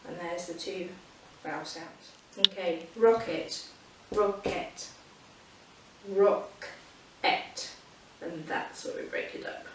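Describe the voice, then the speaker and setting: A woman's voice: lowish voice, unhurried, hardly any pauses, bright, forceful tone. A woman teaching children about reading with a patient, encouraging manner, recorded at home. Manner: patient and encouraging, sings a silly song. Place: home during lockdown. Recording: echoey room, far from mic, faint hiss.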